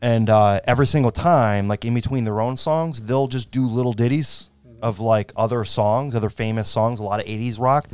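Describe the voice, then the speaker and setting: A man in his thirties co-hosting a podcast, chatting in a rambling way and quick to laugh. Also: medium pitch, a little mellow, clean tone. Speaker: podcast co-host. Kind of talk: casual chat.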